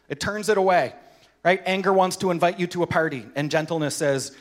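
A man in his thirties preaching a sermon in a conversational, animated way, acting out quoted voices. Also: high voice, a little fast. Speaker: pastor.

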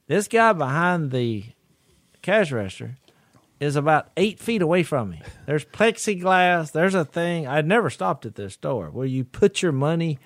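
Animated man telling a story. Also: on the high side, a little slow, no echo, clean studio sound. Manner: animated, laughs through his own story. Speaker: podcast co-host. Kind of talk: casual storytelling chat.

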